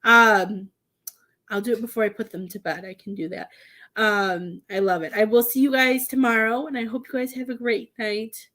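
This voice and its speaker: A young woman with a slightly high voice gives psychic readings on a live stream from home. She gushes and gets emotional, often breaking off and restarting her sentences as she goes. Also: steady tone, normal speed, a bit bright. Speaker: psychic medium.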